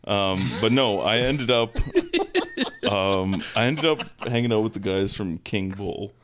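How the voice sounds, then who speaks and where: A man's voice: fairly low pitch, big pitch swings, slow pace, fairly bright tone, slight background noise. A young man, a band member and podcast guest, telling a rambling, profane story in casual chat and laughing at himself.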